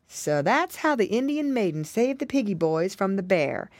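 A woman narrating a children's storybook as an audiobook, expressive and animated. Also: mid-range voice, moderate pace, no echo.

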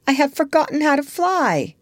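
A woman reading aloud and voicing a gentle, apologetic grown-up mother. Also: fairly high pitch, very animated, measured pace, no echo, studio quality, pitched above the performer's own voice. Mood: faltering. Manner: tender, apologetic. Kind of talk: storybook reading.

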